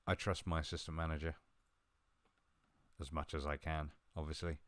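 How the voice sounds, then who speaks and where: A man talking through a football management game he is playing, chatty and a little mumbling, with sudden bursts of excitement. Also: a bass voice, moderate pace, no room sound. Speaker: gaming video host. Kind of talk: live game commentary.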